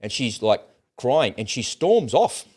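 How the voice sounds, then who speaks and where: A middle-aged man, hosting his own channel and telling a story in a blunt, animated way. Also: mid-range voice, a little slow, husky. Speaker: host of political commentary channel. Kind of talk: casual opinionated monologue.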